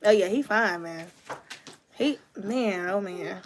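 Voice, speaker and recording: A woman's voice: mid-range voice, slow, slight background noise. A mother vlogging casually on her phone, laughing often and breaking off to talk to her kids. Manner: laughs often, chatty, talks to her kids between remarks. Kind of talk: casual chat to a livestream.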